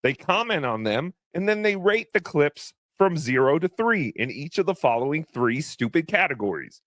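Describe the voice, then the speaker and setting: A man putting on a chipper little green puppet pal with a high, bouncy voice. It swoops up and down like a children's TV host while slipping in sarcastic jabs. The sound is dry and close. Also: very animated, normal speed, a bit bright, no room sound. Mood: chirpy, snarky. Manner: chirpy kids-show presenter, mocking. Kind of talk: comic puppet bit on a podcast.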